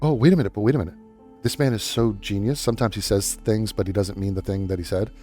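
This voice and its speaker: A man's voice: lowish voice, quick pace, dark tone, faint music behind. A man giving profane reaction commentary in a sarcastic, scornful tone. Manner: sarcastic, scornful, swears a lot. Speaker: commentary YouTuber.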